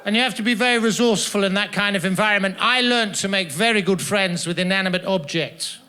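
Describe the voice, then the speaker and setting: Pompous, high-voiced man teasing a crowd. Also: fast talker, sharp tone. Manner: pompous, florid, mock-formal and teasing. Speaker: stand-up comedian. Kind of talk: stand-up comedy with crowd work. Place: comedy festival stage. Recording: noisy live audience laughter.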